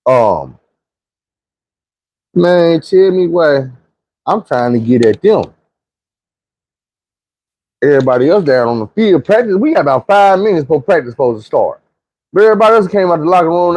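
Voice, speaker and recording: A man tells a story from his own life in a loose, conversational monologue full of slang and swearing. His voice sits a little higher than most men's. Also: expressive, moderate pace, pauses often, a little mellow, no room sound.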